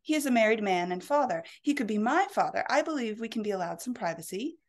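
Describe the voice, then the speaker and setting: A woman voicing a patient, firm young companion in her thirties who speaks in measured, polite tones. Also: on the high side, lively intonation.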